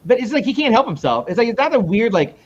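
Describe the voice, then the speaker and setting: This comic book creator, a man in a relaxed interview, is very animated and talks fast. He rambles, starts over mid-thought, and jumps up in pitch while recounting conversations, and the audio has its highs cut off.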